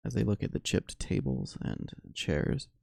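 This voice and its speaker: A man narrating a solo tabletop game as game master, unhurried and full of fillers. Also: low voice, sing-song, creaky, a little mellow, no echo.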